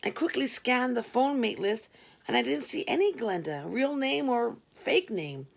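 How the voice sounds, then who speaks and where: A woman narrates a first-person story with wry, expressive delivery. Her voice is gravelly with fry and pitched somewhat high. It suits a casual read-aloud. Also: a little slow. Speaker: audiobook reader.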